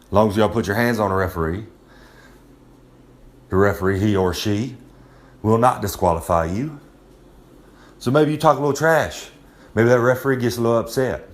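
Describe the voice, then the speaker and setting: As a recurring segment presenter, a man delivers a casual, swaggering monologue of tips, talking loose and streetwise with slang and repeating "I'm just saying" for effect. His voice is fairly low and moderately paced, with long pauses.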